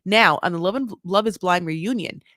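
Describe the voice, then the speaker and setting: A woman co-hosting a podcast, recapping a reality show in a sassy, profane, animated way. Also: lowish voice, normal speed, dry recording, clean studio sound. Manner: animated, profane, sassy storytelling with voiced quotes. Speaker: podcast co-host. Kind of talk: casual recap chat.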